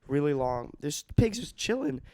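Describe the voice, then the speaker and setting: A young man hosting a casual podcast chat, telling travel stories in an excited, animated way. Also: a little high, normal speed, no room sound. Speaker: podcast host.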